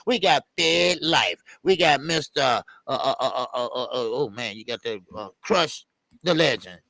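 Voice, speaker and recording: A man's voice: fairly high pitch, creaky, no room sound. A man co-hosting a casual boxing talk stream, greeting viewers by name with upbeat energy. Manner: hypes up, shouts out viewers by name. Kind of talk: casual live-stream chat.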